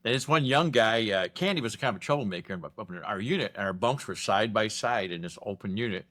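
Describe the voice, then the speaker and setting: A man's voice: on the low side, fast. A man co-hosting a podcast, telling prison stories in casual chat and acting out the people in them. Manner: animated storyteller acting out voices. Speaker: podcast co-host.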